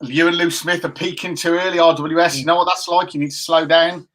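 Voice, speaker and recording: A man's voice: on the high side, steady tone, a little fast, a bit bright. A man in his fifties co-hosting a casual live chat show, chatty and jokey as he reads out viewer comments. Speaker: co-host.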